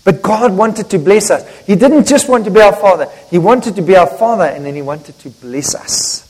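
An older man delivers a sermon in a high, lively voice. He jokes with his congregation and swings between loud emphasis and near-hushed lines. His voice rings with long reverb through the church hall. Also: normal speed, husky. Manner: emphatic preaching with sudden loud and quiet swings; jokes and talks directly to the congregation. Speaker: pastor.

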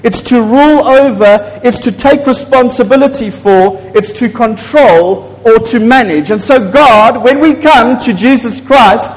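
A man preaching a sermon to a congregation in a church, excitable and prone to loud bursts, often asking the people questions. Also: extremely high pitch, measured pace, hardly any pauses. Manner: excitable, gets loud and apologizes for shouting; asks the congregation frequent questions. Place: church hall. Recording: long echo of a large hall.

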